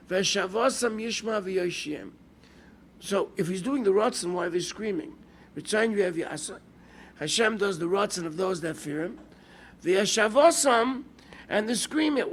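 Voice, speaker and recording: A man's voice: sits high, pushed and bright. A man, a rabbi, giving an informal Torah class in a conversational storytelling manner, asking rhetorical questions and pushing some words with bursts of emphasis. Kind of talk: informal Torah lecture with stories.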